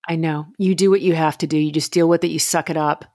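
A woman's voice: deep voice, fairly even intonation, quick pace, mellow, no echo, clean studio sound. A woman hosting an interview, affirming and empathetic as she asks questions. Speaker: host. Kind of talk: interview podcast.

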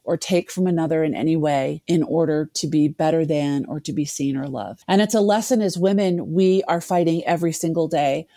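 A woman's voice: sits low, fairly quick, few pauses, mellow, no room sound, studio quality. A woman in her fifties, a guest telling a candid, self-deprecating personal story and laughing at herself.

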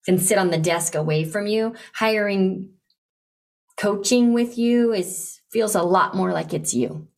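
A woman coaching a client in conversation, encouraging and animated, acting out eager invitations to make her point. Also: mid-range voice, a little slow, gravelly. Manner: encouraging, animated, role-plays enthusiastic invitations. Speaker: business coach hosting a coaching session.

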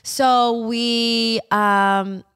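A woman's voice: a little high, drawn-out words, clean tone. A woman in her thirties chatting casually as a podcast host, telling stories with lots of fillers and swearing. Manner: animated storytelling, swears, filler-heavy. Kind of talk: casual chat.

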